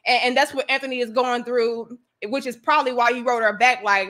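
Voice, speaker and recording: Woman, live-stream host, high voice, outspoken, slangy, animated. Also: brisk. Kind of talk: casual live stream chat reading donations.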